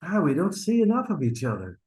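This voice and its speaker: A man's voice: fairly high pitch, wildly swooping pitch, a little fast, darkish tone, poor audio. A man acting an online stage scene as a flustered husband hiding an affair, stammering and sheepish as he presses his friend. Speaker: acting student. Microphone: video call.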